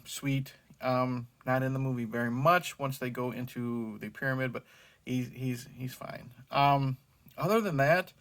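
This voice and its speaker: A man hosting his own movie review channel, talking casually and rambling, with many fillers and self-corrections. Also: medium pitch.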